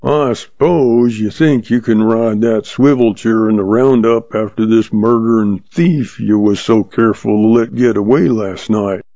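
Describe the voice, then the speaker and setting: A man's voice: on the low side, steady tone, a little slow, few pauses, warm tone, no echo. A man reading the part of a surly, quarrelsome cowboy with a sneering drawl, in a dry, slightly muffled recording.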